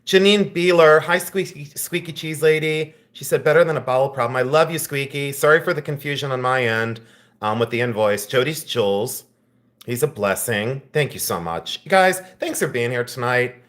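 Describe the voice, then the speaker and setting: A man's voice: medium pitch, moderate pace, fairly bright tone. A man hosting a live jewelry sale stream, teasing viewers in the chat, laughing often and turning tender when he speaks to a friend.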